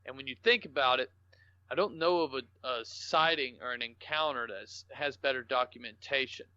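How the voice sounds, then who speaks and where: Bright-voiced man telling stories. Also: mid-range voice, normal speed, clear, resonant tone, no room sound. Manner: rambling, salty, jokey. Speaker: guest. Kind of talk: casual storytelling interview. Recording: dull lo-fi podcast audio.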